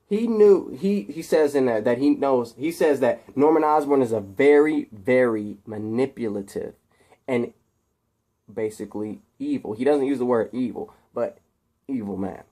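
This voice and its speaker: A man's voice: mid-range voice, warm tone. A man casually recapping a film scene, rambling through the story and getting more worked up as the action builds. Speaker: video host retelling a film.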